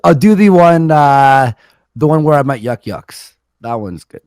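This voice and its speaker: A man's voice: a little high, animated, unhurried, a little mellow, smooth, no echo. A man in his late twenties or thirties, a former stand-up comic, talking in self-deprecating, defensive casual chat. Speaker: guest, former stand-up comedian.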